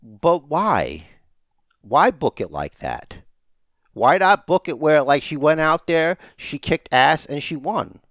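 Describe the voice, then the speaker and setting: A man's voice: fairly high pitch, sing-song, slow, no echo, clean studio sound. A middle-aged man co-hosting a casual wrestling podcast, ranting emphatically and swearing as he argues. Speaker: podcast co-host.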